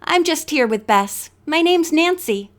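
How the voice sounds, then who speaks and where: A woman reading an audiobook, voicing a sensible, calm young woman detective. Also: high-pitched, unhurried, voice pushed up. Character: level-headed young woman sleuth.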